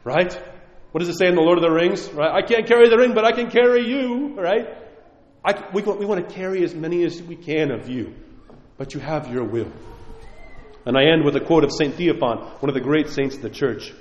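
A man, a priest, giving a sermon with impassioned, conversational preaching that drops suddenly quiet. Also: on the high side, normal speed, muffled recording. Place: church. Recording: echoey church hall.

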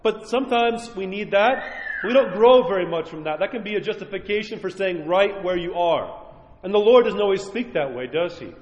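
A man preaching a sermon as a priest, earnest and conversational, slowing down sharply to stress key words. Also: sits high, echoey room, long reverb tail. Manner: earnest, conversational preaching with sudden slowed emphasis.

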